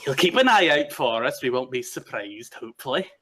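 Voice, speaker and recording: A man's voice: medium pitch, brisk. A man voicing an eager, chatty male woodsman and scholar who rambles constantly and is setting out into the world for the first time. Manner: rambling, talks constantly, excitable.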